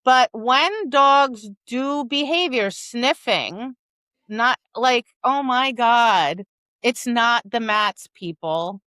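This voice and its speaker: Co-hosting a podcast about dog training, a woman recounts stories in an easygoing, animated manner and does quick voices for both the humans and dogs. Her pitch is fairly high and there's no echo.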